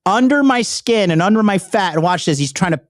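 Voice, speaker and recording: A man's voice: sits high, animated, a little fast, dry recording, clean studio sound. Rambling, profane male YouTuber. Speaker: online dating coach and YouTuber. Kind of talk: casual direct-to-camera chat.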